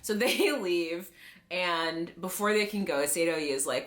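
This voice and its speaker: A woman recapping a TV drama episode in a casual, chatty way, animated and full of "like" and laughter. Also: mid-range voice, normal speed. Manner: animated storyteller, heavy use of "like", laughs often.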